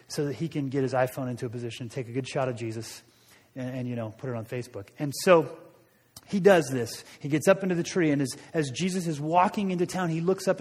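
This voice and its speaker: A man with a somewhat high voice preaches a sermon in an easy, conversational way. He tells the story loosely and often restarts his sentences. His voice rings out with the long reverb of a hall. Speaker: pastor.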